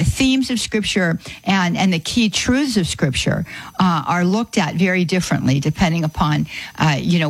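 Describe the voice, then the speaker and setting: A woman hosting a call-in radio advice show, speaking haltingly with many fillers and restarts. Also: sits low, no echo, low-quality recording.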